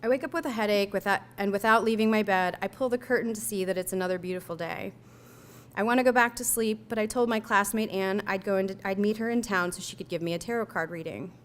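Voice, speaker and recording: Young woman, author reading her own essay, smooth clear voice, measured and reflective delivery. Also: medium pitch. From United States. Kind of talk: reading a personal memoir aloud.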